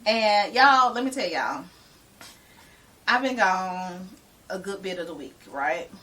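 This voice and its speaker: A woman's voice: mid-range voice, slow, bright, forceful tone, distant mic. A middle-aged woman, telling an exasperated story on a casual podcast, full of laughing asides. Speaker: podcast co-host.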